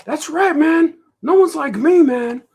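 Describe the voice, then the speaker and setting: A man voicing a loud, needling male inner critic who taunts him while he draws. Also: extremely high pitch, unhurried, voice pushed up. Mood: taunting. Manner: shouty, taunting.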